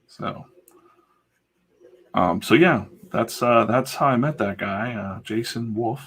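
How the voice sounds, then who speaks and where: A man's voice: mid-range voice, slow pace, a bit bright, husky. A man who livestreams himself drawing comics, telling a rambling, casual story full of fillers and asides. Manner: chatty, digressive, full of fillers.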